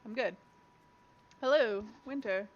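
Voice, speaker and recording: Casual streamer: young woman from Canada, slightly high voice, muffled lo-fi stream audio. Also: slow pace. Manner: chatty, laughs often, talks to chat and a friend. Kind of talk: casual gaming stream chat.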